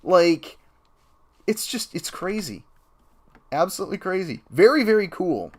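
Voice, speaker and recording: A man talking casually over a game stream as the host, rambling and chatty, with excited jumps in pitch. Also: a little slow, pauses often. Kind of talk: casual gameplay commentary.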